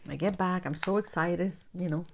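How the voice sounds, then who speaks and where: At normal speed, a creaky, lowish-voiced woman talks casually to her viewers while crafting, with slight background noise. Between stories she calls them "guys" and occasionally slips into a whisper.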